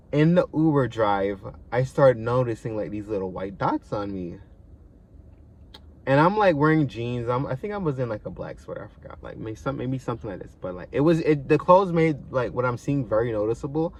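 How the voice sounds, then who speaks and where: A young man with tells a story to camera in an animated, profane vlog style. His voice sits in a middle register, bursting loud and high at the big moments, then sinking into quiet mumbles. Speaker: vlogger.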